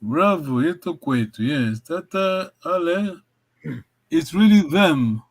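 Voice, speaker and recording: A man's voice: a little high, expressive, takes it slowly, poor audio. Encouraging man teaching a language online. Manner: encouraging, repeats words, laughs often. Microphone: video call.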